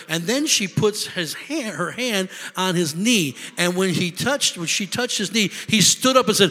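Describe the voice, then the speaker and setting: A man preaching a sermon, telling stories with lively voices and shouted lines for emphasis. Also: high voice, normal speed, few pauses, in a large hall. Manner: animated storytelling, shouting for emphasis. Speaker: pastor.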